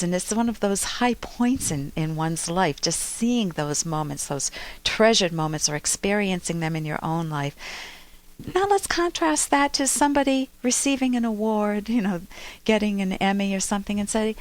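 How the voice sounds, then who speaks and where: A woman co-hosting a relationship podcast, musing in a chatty, animated way. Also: lowish voice, normal speed. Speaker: podcast co-host. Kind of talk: conversational commentary.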